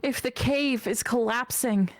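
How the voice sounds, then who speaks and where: A woman voicing a dying female forest dryad who speaks a soft, tender farewell. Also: a little high, unhurried, no room sound, voice pushed up, lightly acted. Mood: sorrowful.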